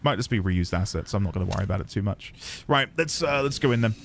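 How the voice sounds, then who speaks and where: A man's voice: on the low side, lively intonation, fast, gravelly, slight background noise. A man streaming a game, musing aloud playfully as he reads notes and explores. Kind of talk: let's-play commentary.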